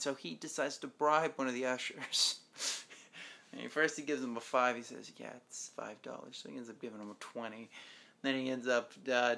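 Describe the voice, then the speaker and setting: A man's voice: medium pitch, a bit bright. A man casually recapping a TV episode as a show host, rambling along and acting out the characters' lines.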